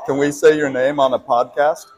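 A man's voice: mid-range voice, flat delivery, normal speed, a little mellow, low-quality recording. Jokey, laughing podcast co-host man. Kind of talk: casual podcast banter. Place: brewery.

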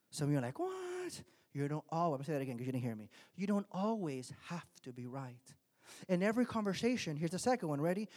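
Male pastor, sermon delivery, very expressive pitch, drops low then climbs loud for emphasis. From Miami, United States. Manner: animated preaching that swings from quiet to loud.

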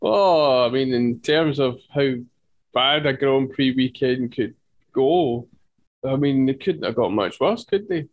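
A man's voice: mid-range voice, slow, no echo, phone-quality sound. Wry, sardonic male panelist. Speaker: podcast panelist. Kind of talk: casual chat about motor racing.

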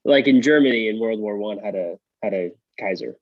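A man's voice: on the low side, dry recording, narrow, tinny audio. A man co-hosting a podcast in casual chat, joking dryly and restarting his sentences. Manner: dry joking, halting restarts. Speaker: podcast co-host.

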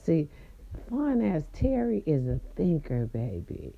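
A woman hosting a podcast, telling a story in a casual, sassy way and swooping her voice up high for emphasis. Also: sing-song, takes it slowly, creaky, mellow, lo-fi sound. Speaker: podcast host.

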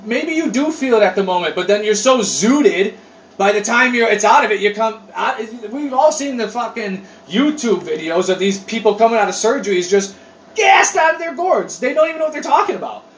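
A man chatting casually on a podcast. He tells rambling stories with lots of swearing and animated outbursts. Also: high voice, brisk. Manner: animated, profane, rambling storyteller. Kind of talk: casual chat. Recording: roomy echo, distant mic, faint noise.

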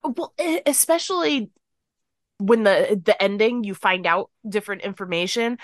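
A woman's voice: mid-range voice, moderate pace, dry recording, studio quality. A woman co-hosting a casual book podcast, blunt and sweary in her opinions. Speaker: podcast co-host. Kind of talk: casual book review chat.

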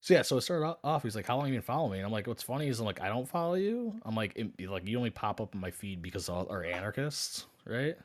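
With a fairly low voice, he talks fast and barely pauses. He's a podcast co-host telling a casual story, cursing freely and playing out both sides of the conversation with animated energy.

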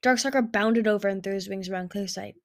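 A woman's voice: mid-range voice, fast talker. Woman reading a storybook aloud. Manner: steady, plain, occasional slips and restarts. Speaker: audiobook reader. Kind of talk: storybook read-aloud narration.

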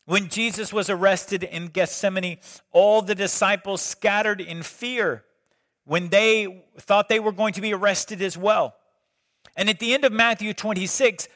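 A middle-aged male pastor preaching a sermon, telling stories dramatically and swinging between loud emphasis and hushed moments. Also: high voice.

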